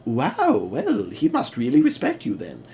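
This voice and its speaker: A man's voice: medium pitch, wildly swooping pitch, measured pace, gravelly, a little mellow, slight background noise, heavily acted. A man voicing two fussy, elderly female coaches who twitter and fret. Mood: impressed. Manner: fluttery and fussy.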